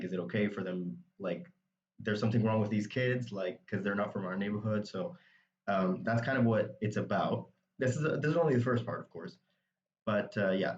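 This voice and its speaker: Low-voiced man teaching, roomy distant sound. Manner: relaxed, rambling with many fillers. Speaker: Arabic teacher. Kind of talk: casual explanatory lesson. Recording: roomy, distant and dull with faint noise.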